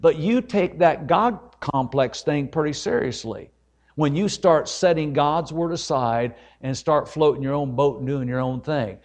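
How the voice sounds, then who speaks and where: A man's voice: a little high, unhurried, a little mellow. A man preaching a sermon as an evangelist, fervent and folksy, often calling his listeners folks and rising to emphatic peaks. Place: church service.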